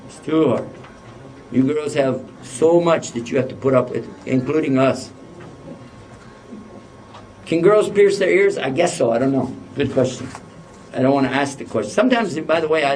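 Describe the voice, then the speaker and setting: A man's voice: medium pitch, darkish tone. A man giving an Islamic lecture to a live audience, joking and putting questions to the listeners. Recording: voice a bit distant from the mic.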